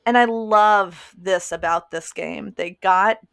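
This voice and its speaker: A woman chatting on a podcast, eager and quick with her opinions. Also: mid-range voice, creaky, no echo, clean studio sound. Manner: enthusiastic, quick, animated opinions. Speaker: podcast co-host or guest. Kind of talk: casual chat.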